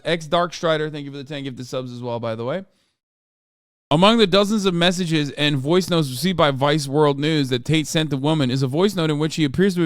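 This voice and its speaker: A man's voice: fairly high pitch, no echo, clean studio sound. A man streaming a reaction to a news article, heated and profane, rambling in bursts. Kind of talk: reaction commentary.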